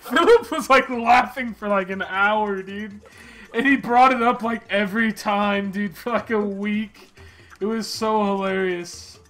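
A young man streaming a game, chatting casually with friends, teasing them loudly and shouting at the game. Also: high voice, measured pace. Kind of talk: casual gaming chat with friends.

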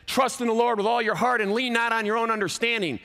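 A man's voice: very high voice, steady tone, fast talker, sharp tone. A man in his fifties preaching an emphatic chapel sermon, swinging his voice up and down for effect. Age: 50s. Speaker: college athletic director and speaker. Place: large college chapel. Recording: long hall reverb.

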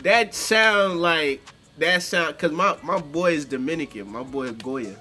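Bright, exclamatory man reacting. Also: a little high, measured pace, faint music behind. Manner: loose, exclamatory street slang. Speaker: reaction host. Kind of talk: casual reaction commentary.

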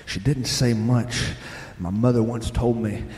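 A man, telling plainspoken, gently humorous stories live on a theater stage. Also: medium pitch, steady tone, a little slow, slight background noise. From Southern United States. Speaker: storyteller and radio host. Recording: echoey live theater with long reverb.

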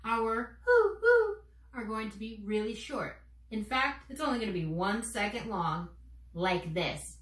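A woman's voice: on the high side, big pitch swings, roomy sound, distant mic. Playful woman leading kids' theater games. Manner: bright, encouraging, slow and playful, talks straight to children. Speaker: children's theater teaching artist.

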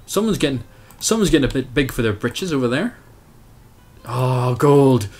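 A young man casually commentating his strategy game, animated, self-mocking and swearing at the game as he plays. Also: medium pitch, normal speed. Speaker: let's play host.

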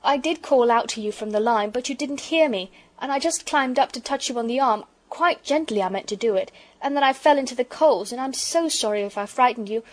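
A woman's voice: a little high, moderate pace, close to an everyday voice. A woman doing a timid, tearful little girl. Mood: pleading. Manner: soft, pleading, sniffling. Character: timid well-mannered young girl, tearful. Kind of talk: storybook reading.

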